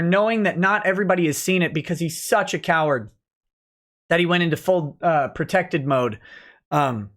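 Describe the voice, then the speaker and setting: A man's voice: fairly high pitch, fairly bright tone. A man hosting a casual livestream, reading and commenting in a sardonic, mocking, chatty way with many fillers. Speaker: lawyer and livestream host.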